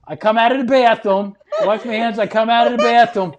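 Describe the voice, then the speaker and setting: A man, a guest comedian telling a story on a podcast, animated and loud, acting out the scenes and swearing. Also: high voice, fast talker, hardly any pauses, very noisy.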